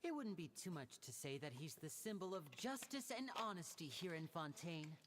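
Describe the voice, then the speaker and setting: A woman's voice: fairly low pitch, big pitch swings, normal speed, long reverb tail, noisy background. A woman voicing a poised theatrical showwoman, grand and theatrical in manner. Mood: proud.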